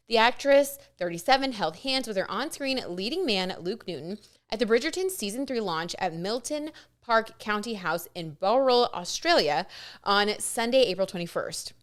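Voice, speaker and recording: A woman vlogger and tarot reader chatting excitedly to camera, full of asides and "like". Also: mid-range voice, moderate pace. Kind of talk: casual gossip chat to camera.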